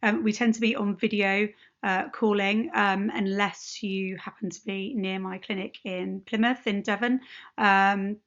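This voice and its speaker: A woman's voice: mid-range voice, fairly even intonation, measured pace, fairly bright tone. A woman who works as an ADHD hypnotherapist and coach, chatting informally and straight to her viewers in an unscripted video message. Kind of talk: unscripted direct-to-camera message. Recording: dull lo-fi recording.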